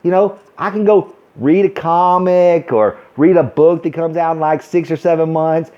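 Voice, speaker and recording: High-voiced sarcastic man ranting. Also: moderate pace, hardly any pauses, lo-fi sound. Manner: heavy sarcasm, mock excitement, exaggerated. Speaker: vlogger. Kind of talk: sarcastic rant.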